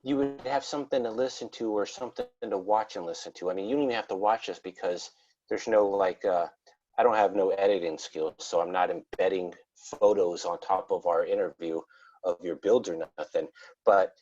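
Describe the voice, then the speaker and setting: A man's voice: sits low, fairly quick, a little mellow. A man hosting a hobby podcast, chatting casually in a rambling, self-deprecating, friendly way. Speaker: podcast host. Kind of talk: casual interview chat. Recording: dull lo-fi podcast audio.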